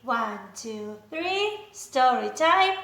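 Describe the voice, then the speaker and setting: A teacher with an Argentine accent, a Spanish-speaking woman, giving an animated, sing-song English lesson for small children with songs and a story. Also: high-pitched, extremely slow, reverberant. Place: home, recorded for remote schooling.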